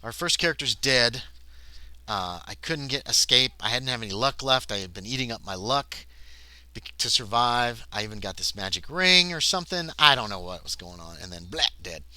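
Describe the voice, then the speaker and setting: With a medium-pitched, animated voice, this man speaks at a moderate pace in a bright, forceful, clean tone. He streams himself playing a tabletop game alone, reading its text out and then chatting casually to his audience and himself.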